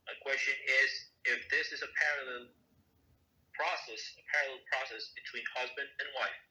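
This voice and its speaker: Man, reads a question out loud, very bright sharp voice, echoey room. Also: medium pitch, fairly even intonation, moderate pace. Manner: reading a written question aloud. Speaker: class participant reading a question.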